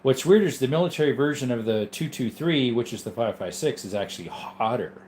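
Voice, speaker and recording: A man's voice: medium pitch, animated, fairly quick, darkish tone. A man hosting a casual livestream, reading viewer chat and answering in an easygoing, rambling way while sleepy and yawning. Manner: rambling, easygoing, with frequent ums and asides.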